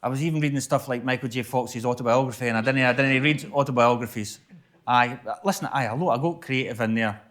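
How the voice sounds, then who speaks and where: A man's voice: medium pitch, fast talker, a bit bright. A man with a Stirlingshire Scottish accent, a poet answering audience questions at a live book festival, rambling with restarts. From Stirlingshire, Scotland. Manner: rambling, repeats and restarts, chatty. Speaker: guest poet.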